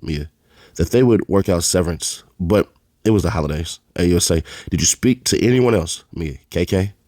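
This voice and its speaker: A man's voice: deep voice, moderate pace, darkish tone, dry recording, clean studio sound. A man reading a trial transcript aloud, announcing each speaker's label before their lines in a plain read-aloud manner. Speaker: channel host reading court testimony.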